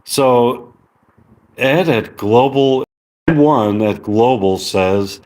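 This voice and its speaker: A man on a casual live stream, reading viewer comments aloud in a halting way. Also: mid-range voice, steady tone, a little mellow.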